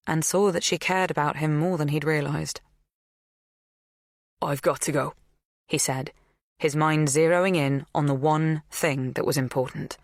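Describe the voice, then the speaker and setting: A woman narrating an audiobook thriller in a measured, even scripted delivery. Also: deep voice, no room sound, clean studio sound.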